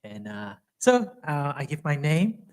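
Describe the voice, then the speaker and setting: A man's voice: a little high, very animated, measured pace, a little mellow, clean tone. A man from Myanmar with a Burmese accent, a pastor giving a Bible study talk in a chatty storytelling way, acting out dialogue in second-language English.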